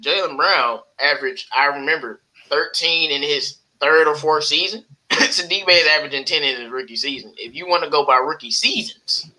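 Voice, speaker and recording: Casting: excitable male podcast co-host, very bright voice, slightly high. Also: normal speed, low-quality recording. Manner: animated, excitable, laughs often. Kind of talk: casual sports talk.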